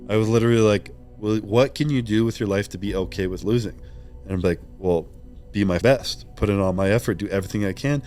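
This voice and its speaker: A man speaking candidly in an interview, retelling his conversations in a quick, open way. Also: on the low side, a little mellow, soft background music. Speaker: interviewed athlete.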